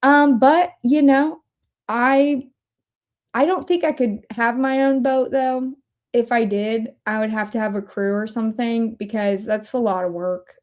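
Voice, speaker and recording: A woman hosts a casual livestream in a chatty, wandering manner and breaks off her own sentences to start again. Her voice sits a little higher than most women's. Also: measured pace, darkish tone. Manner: chatty, rambling, self-interrupting. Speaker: livestream host.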